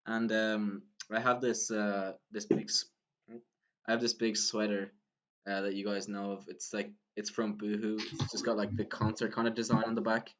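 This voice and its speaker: A man's voice: lowish voice, little pitch movement, normal speed. A young Irish man, a podcast co-host, telling a long story in casual chat, full of "like"s and laughing as he goes. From Ireland. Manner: rambling storyteller, many "like"s, laughs while talking.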